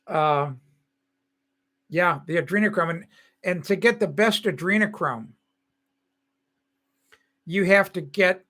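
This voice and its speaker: A man's voice: fairly high pitch, a bit bright. A man in his sixties from the United States, hosting a live stream and talking casually in a rambling way while he reads and answers chat comments.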